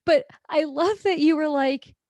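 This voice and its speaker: A woman's voice: high voice, measured pace, a little mellow, no echo, clean studio sound. A woman co-hosting a podcast, chatting casually and backing her partner with frequent agreement and laughter. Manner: supportive listener, frequent yeahs and laughs. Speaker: podcast co-host.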